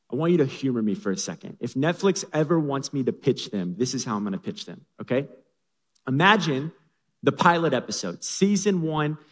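A man preaching a sermon as a pastor, with dramatic, humorous storytelling, in an echoey hall. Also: medium pitch.

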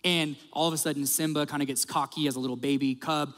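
A male pastor preaching a sermon, telling stories in a lively way and acting out the quotes. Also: on the high side, quick pace, in a large hall. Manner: animated storyteller, acts out quotes.

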